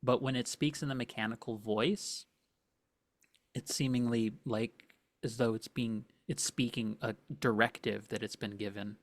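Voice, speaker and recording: Male game master narrating a tabletop scene, restarts often, mid-pitch voice. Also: fairly even intonation, unhurried. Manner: describing scenes with frequent restarts.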